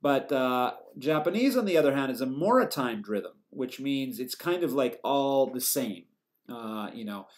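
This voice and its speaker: A man teaching a lecture, explaining step by step in a steady way, with fillers and self-corrections. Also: medium pitch, normal speed. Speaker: English teacher giving a lecture. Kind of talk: recorded lecture.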